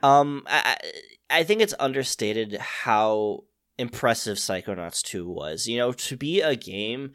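A man's voice: mid-range voice, animated, measured pace, fairly bright tone, no echo, clean studio sound. A young man co-hosting a casual gaming podcast, talking in a blunt, offhand way and cursing freely. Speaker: podcast co-host. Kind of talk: casual chat.

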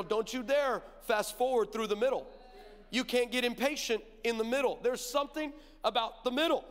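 High-voiced preacher man in a reverberant hall. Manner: animated storytelling with asides to the crowd. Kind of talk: sermon.

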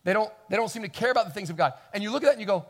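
A high-pitched man delivering a lively church sermon. He restarts and repeats words as he builds, dropping to a hush and then rising to a loud preach. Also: rapid-fire. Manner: animated, stammering restarts, swinging from quiet to loud. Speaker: pastor.

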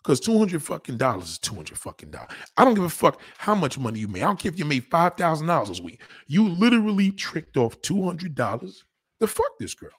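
A man delivering a crude, profane comic rant, animated and acting out the people he talks about. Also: a little high, brisk, husky. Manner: profane, animated, acts out voices. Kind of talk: crude stand-up style rant.

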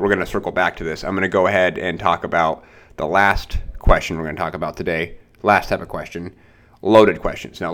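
A man's voice: on the low side, fairly bright tone. A young adult man hosting a casual sales-training podcast, talking loosely and acting out short exchanges with clients. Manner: loose, conversational, acts out short client dialogues.

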